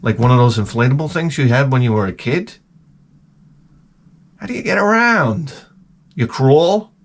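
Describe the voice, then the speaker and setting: A middle-aged man hosting his own channel, giving a crude, profane comedic rant that swings from mutters to shouts. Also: medium pitch, animated, moderate pace. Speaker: channel host.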